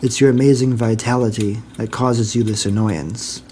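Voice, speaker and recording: A man's voice: lowish voice, fairly even intonation, normal speed, slight background noise, natural voice. A man doing an eerie whispering male lodger. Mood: ominous. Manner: hushed, ominous whisper.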